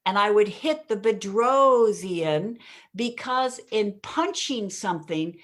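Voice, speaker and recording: A woman giving a podcast interview as a communication coach, speaking emphatically, pausing and punching key words, often addressing the host by name. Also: medium pitch. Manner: emphatic, deliberate punchy delivery with pauses.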